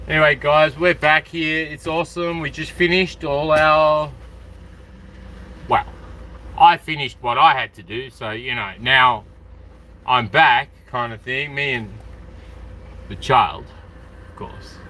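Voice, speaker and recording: A man's voice: a little high, steady tone, slow pace, long pauses, pushed and bright. A man from Australia chatting casually on a live stream, rambling and calling out to viewers by name.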